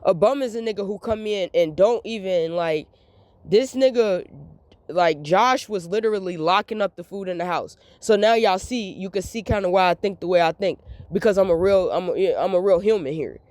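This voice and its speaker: A woman's voice: mid-range voice, normal speed, a little mellow, no echo. Young woman venting emphatically, dry sound. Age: young adult. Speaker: vlogger. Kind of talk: candid monologue to camera.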